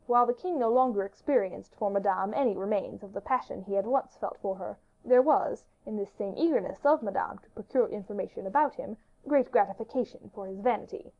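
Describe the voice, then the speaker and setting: A woman narrating a classic novel, reading steadily. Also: mid-range voice. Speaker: audiobook narrator. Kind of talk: scripted narration. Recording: dull lo-fi audiobook recording.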